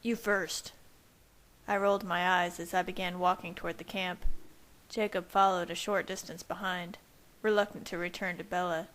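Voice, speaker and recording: A woman reading fanfiction aloud as first-person narration in a steady, even manner. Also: on the low side, moderate pace, low-quality recording. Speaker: fanfiction reader. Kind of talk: audiobook-style narration.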